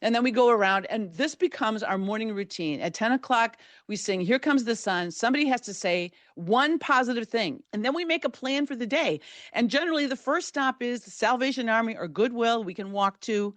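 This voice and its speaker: Middle-aged female podcast host, storyteller; measured, vivid narration with dramatic build; dry, close sound. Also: on the high side, no room sound. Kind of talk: first-person true storytelling.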